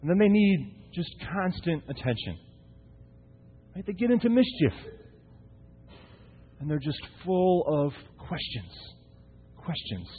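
A man's voice: sits high, big pitch swings, takes it slowly, pauses often, slightly rough. A man in his thirties preaching a conversational, humorous sermon as pastor, often asking the congregation rhetorical questions. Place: church sanctuary. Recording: tinny, echoey church recording.

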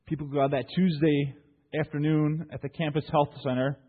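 Husky high-voiced preacher in a reverberant hall. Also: male voice, a little fast. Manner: asks the congregation rhetorical questions; animated storyteller with frequent "right?" tags. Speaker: pastor. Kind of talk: sermon. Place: church hall. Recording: long hall reverb, thin phone-like sound.

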